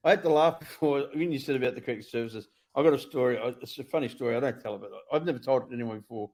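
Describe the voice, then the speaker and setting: A middle-aged Australian man with an ordinary mid-range voice rattles along at a fast clip. He is blunt and profane, and he speaks his mind in casual conversation. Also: medium pitch, a little mellow. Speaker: former prisoner sharing his story.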